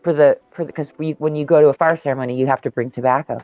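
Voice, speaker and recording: Woman, mid-pitched, emphatic storyteller with a swearing streak; dull, dry video-call audio. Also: fairly even intonation, very fast, warm tone, no room sound, soft background music. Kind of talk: casual spiritual chat on a video call. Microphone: video call mic.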